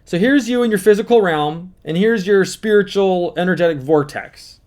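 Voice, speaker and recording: High-voiced man coaching on manifesting. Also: moderate pace, darkish tone. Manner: earnest, explaining step by step with repeated emphasis. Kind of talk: motivational teaching monologue.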